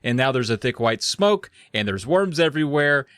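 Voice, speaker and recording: A man co-hosting a podcast, recapping a book in casual chat and acting out characters in quick put-on voices. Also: medium pitch, very animated, a bit bright, clear, resonant tone, no echo, studio quality. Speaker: podcast co-host.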